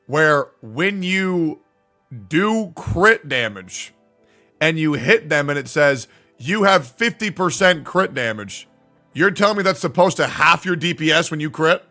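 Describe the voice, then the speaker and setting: A man's voice: fairly high pitch, lively intonation, measured pace, bright, forceful tone, soft background music. A male livestreamer who argues with his chat and swears a lot. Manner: argumentative, profane, talks back to chat. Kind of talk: live-stream chat reacting to viewers.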